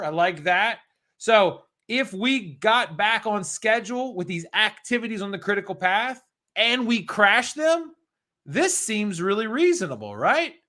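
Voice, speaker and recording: A high-pitched American man with a bright, forward tone teaches a live exam prep session. He talks with energy and swings his pitch up and down a lot. He keeps calling out to viewers in the chat. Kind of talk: live-streamed Q&A lesson.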